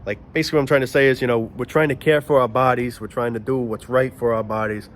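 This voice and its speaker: A man's voice: medium pitch, fairly even intonation, fast talker, a little hiss or hum. Rambling man talking outdoors. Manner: rambling, searches aloud for words. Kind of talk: casual monologue. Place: outdoors near planes and traffic.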